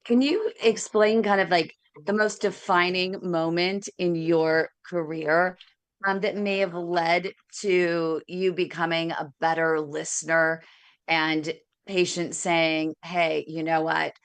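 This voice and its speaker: A woman's voice: fairly low pitch, fairly even intonation, slow pace, dry recording. A woman hosting an interview, asking long, chatty questions with a self-deprecating manner. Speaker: interview host.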